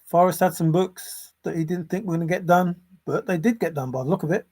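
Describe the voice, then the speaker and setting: A man's voice: sits high, fairly quick, a little mellow, husky. A man giving unscripted solo commentary as a treasure-hunt vlogger, sarcastic and exasperated, swearing and repeating phrases for emphasis.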